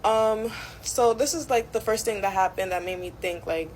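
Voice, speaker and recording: A young adult woman tells a casual story in a mid-pitched, conversational voice. She fills her talk with "like" and "you know". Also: fairly even intonation, a little fast, darkish tone, slight background noise, low-quality recording. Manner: chatty, many fillers like "like" and "you know".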